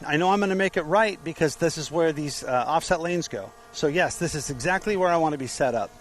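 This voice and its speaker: A man's voice: on the high side, fairly quick, soft background music, rough recording. A man working as a motorcycle training instructor, explaining an outdoor cone pattern. He talks it through by asking questions and then answering them himself. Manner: explanatory, asks and answers his own questions.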